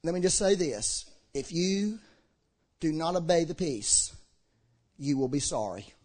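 Male preacher, high voice, fiery sermon delivery that jumps from shouts to hushed, earnest asides. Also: very animated, a little slow. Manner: impassioned, swinging between shouting and low earnest talk. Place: church hall with a congregation.

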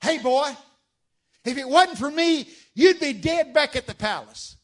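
A man's voice: very high voice, lively intonation, unhurried, pitched above the performer's own voice. A preacher acting out a manipulative uncle who boasts that he saved a boy's life. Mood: boastful. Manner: loud, sneering, boastful. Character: scheming manipulative man, an uncle.

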